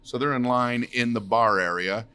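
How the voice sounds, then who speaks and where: A middle-aged male comedian, a guest on a podcast, telling old club stories at an easy, unhurried pace. His voice sits at an ordinary male pitch. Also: sharp tone, clean tone. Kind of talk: casual storytelling.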